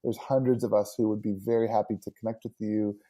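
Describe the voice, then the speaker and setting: A man's voice: on the low side, flat delivery, fast talker. A man speaking as a podcast guest and worship leader, talking earnestly and casually about connecting with people. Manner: earnest, warm about his community. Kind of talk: casual interview chat.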